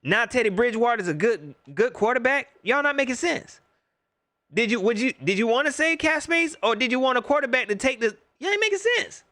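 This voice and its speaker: A middle-aged man rants into his laptop mic during a livestream. His voice sits high and bright, and it leaps and drops as he gets worked up. The sound is dry and close. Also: a little fast, no echo. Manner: animated, rants, greets chat viewers by name. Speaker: host. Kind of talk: livestream sports rant.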